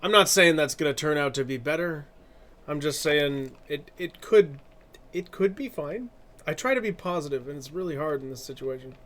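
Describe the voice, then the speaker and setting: A man's voice: a little high, expressive, normal speed, fairly bright tone. Chatty male streamer, laughing often. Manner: chatty, rambling, laughs often, self-correcting. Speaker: streamer and artist. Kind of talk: casual live-stream chat.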